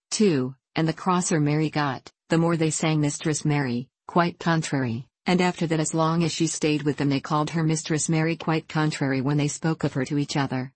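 Role: audiobook narrator. Style: scripted narration. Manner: measured and even. Pitch: middling. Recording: dry, close. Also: no echo.

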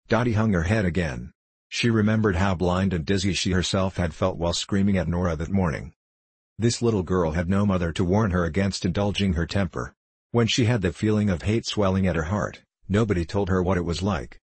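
A man narrating an audiobook in a steady, measured storytelling manner. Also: deep voice, breathy edge, no room sound.

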